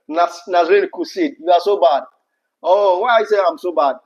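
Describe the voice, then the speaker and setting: Ghanaian man co-hosting a live chat, Pidgin mixed in, fairly high voice, lo-fi audio. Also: moderate pace. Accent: Ghanaian English. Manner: laughs often, slips into Pidgin. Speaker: livestream co-host. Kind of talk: casual livestream chat.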